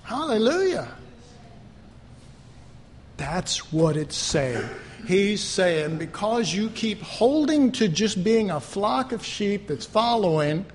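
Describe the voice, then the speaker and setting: A man preaching a fervent sermon, swinging between loud outbursts and quiet asides. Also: high-pitched, sing-song, takes it slowly, long reverb tail, a little hiss or hum.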